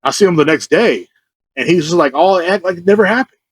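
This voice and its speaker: A young man hosting a podcast and spilling out rambling, profane stories at a rapid clip. His voice sits fairly high, and the studio mic gives a close, dry sound. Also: husky, no room sound. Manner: rambling anecdotes, quick, laughing, swears freely. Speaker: podcast host. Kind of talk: casual storytelling chat.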